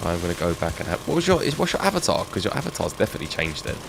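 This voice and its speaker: A man's voice: low voice, big pitch swings, racing, creaky, background noise. A middle-aged man with an English accent, chatting casually with his live-stream audience while he plays a game, reminiscing and laughing often.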